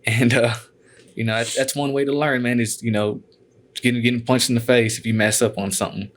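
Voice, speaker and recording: A man's voice: mid-range voice, fairly even intonation, fairly quick. Laid-back young-sounding man telling fight stories. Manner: laid-back, peppers speech with "man" and cussing. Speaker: guest, MMA fighter. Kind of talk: casual storytelling.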